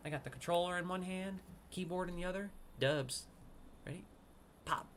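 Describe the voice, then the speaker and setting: A man giving casual gameplay commentary as a streamer, excitable, swinging from hushed sneaking talk to loud outbursts. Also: a little high, brisk, creaky, a little hiss or hum. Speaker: gaming streamer.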